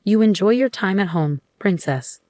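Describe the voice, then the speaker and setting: A woman's voice: medium pitch, animated, normal speed, a little mellow, no room sound, studio quality, lightly acted. A woman voicing a young husband who is cold, curt and sarcastic, in a narrated story. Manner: cold and dismissive.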